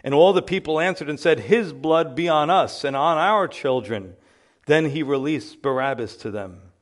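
A male pastor preaching a sermon, building to loud emphatic exclamations. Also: on the high side, moderate pace.

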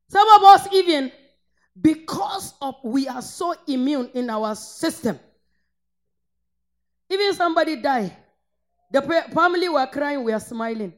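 A woman from northern Nigeria, preaching a fervent sermon that swings between shouted praise and low, intense rebuke. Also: lively intonation, a little slow, pauses often.

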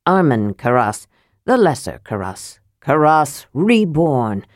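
A woman's voice: deep voice, big pitch swings, slow, dry recording, clean studio sound, pitched below the performer's own voice, exaggerated voice. A woman voicing a proud, towering male dwarf warlord who speaks grandly and with self-importance in an audiobook.

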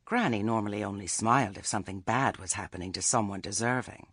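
A man reading a story aloud in a wry, measured storytelling manner. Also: fairly low pitch, a bit bright, breathy edge, no room sound, clean studio sound. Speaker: audiobook narrator. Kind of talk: scripted narration.

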